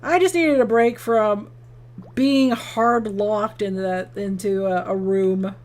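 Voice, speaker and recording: Speaking slowly in a mid-range, slightly mellow voice, a woman streams a game and chats casually. She rambles, starts over mid-thought, and performs the lines she quotes.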